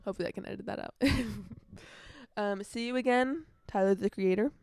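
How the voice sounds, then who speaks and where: A woman's voice: mid-range voice, fairly quick, gravelly, darkish tone, clear, resonant tone, dry recording, clean studio sound. A young woman hosting her own casual podcast, rambling chattily and breaking into snatches of song. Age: young adult. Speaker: podcast host. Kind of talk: casual solo podcast chat. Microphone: earbuds.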